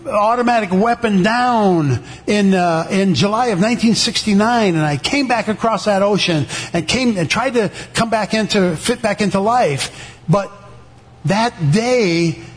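An older man with a notably high voice tells his church testimony. He stumbles, restarts and repeats words, then slips into the voices of the people he is describing. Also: a little slow. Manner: animated, acts out the voices of people in his story. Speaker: veteran giving a testimony.

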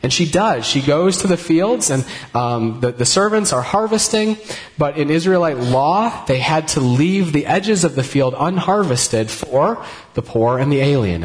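A man teaching a Bible story in a casual, animated way, voicing the characters' words as he goes. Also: on the high side.

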